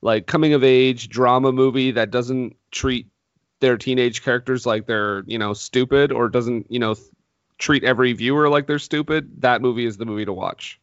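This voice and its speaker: A man's voice: medium pitch, steady tone, moderate pace, clean tone, no room sound, lo-fi sound. Playful teasing man on a podcast. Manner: playful, laughs often, teases his co-host. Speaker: podcast co-host. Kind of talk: casual film podcast chat.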